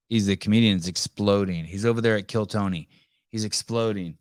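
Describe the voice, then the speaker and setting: A deep-voiced man hosts a live call-in podcast in loose, casual chat. He rambles, swears freely and restarts his sentences often. The sound is close and dry, with no room around it. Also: a little fast, dry recording. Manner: rambling, profane, many restarts and fillers. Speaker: podcast host.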